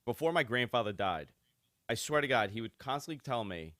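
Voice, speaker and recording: A joking man co-hosting a talk show, laughing often as he tells his stories. His voice swings widely up and down at a middle pitch, and it sounds close and dry, with no room echo. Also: a little fast. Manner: animated, joking storyteller who laughs often. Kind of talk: casual chat.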